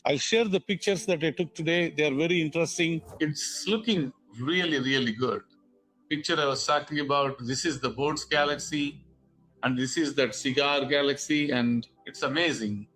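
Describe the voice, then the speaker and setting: A man with a slightly raised voice explains his night of telescope imaging in plain, halting sentences. He sounds like an amateur astronomer speaking casually to his viewers. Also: a little high, fairly bright tone, poor audio. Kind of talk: casual observing vlog.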